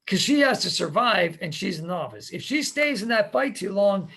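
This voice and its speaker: A man hosting a relaxed podcast chat, agreeable and easygoing. His voice is somewhat high for a man, with a gravelly, husky texture. He often lets sentences trail off softly. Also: moderate pace. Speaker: podcast host. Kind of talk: casual interview chat.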